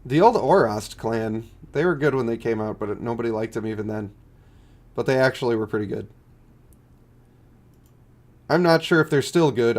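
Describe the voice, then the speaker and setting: A stuffed-up man live-streaming a mobile game, chatting in a low-key way and answering his chat. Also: darkish tone. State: congested, stuffed up. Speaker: gaming streamer.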